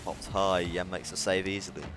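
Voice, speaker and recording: Low-voiced Irish man calling a match. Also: normal speed, over music. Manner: rising to excited calls at big plays. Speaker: esports caster. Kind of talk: play-by-play commentary. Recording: noisy background.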